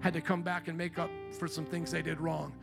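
A man preaching a sermon as pastor, fervent and growing loud and emphatic, slowing right down when he quotes scripture. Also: a little high, flat delivery, creaky. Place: church sanctuary. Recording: faint guitar music behind.

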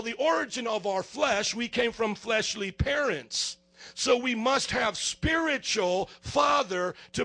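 High gravelly-voiced male preacher. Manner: emphatic, swings between shouting and quiet, asks the congregation questions. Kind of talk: sermon.

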